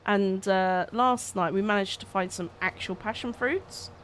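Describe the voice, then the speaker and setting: A woman's voice: mid-range voice, a little slow, a little hiss or hum. A woman, co-hosting a farming game livestream in friendly, casual chat and thanking viewers. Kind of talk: casual live-stream chat.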